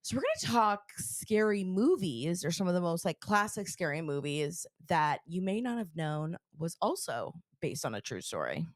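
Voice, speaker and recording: A woman co-hosting a podcast, talking in a bubbly, rambling way with plenty of fillers. She is getting over an illness, and her pitch swings widely as she chats. The recording is close and dry. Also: very animated, normal speed, hardly any pauses, no echo. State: sick, recovering. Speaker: podcast co-host. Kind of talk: casual chat. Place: Connecticut.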